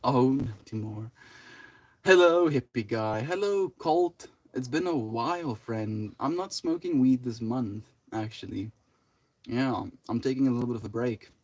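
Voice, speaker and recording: A young male streamer talks in a loose, meandering way, greeting viewers and answering chat as he goes. His voice sits at an ordinary middle pitch and he fills his sentences with "like", "you know" and "man". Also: measured pace, darkish tone. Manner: rambling, laid-back, full of "like", "you know" and "dude". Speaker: livestreamer. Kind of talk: casual livestream chat, reading and answering chat.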